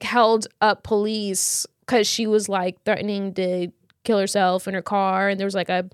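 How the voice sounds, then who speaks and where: A woman's voice: medium pitch, flat delivery, normal speed, clean tone, no room sound, studio quality. A woman co-hosting a podcast, telling a story in casual chat with slang and lots of fillers. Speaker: podcast co-host.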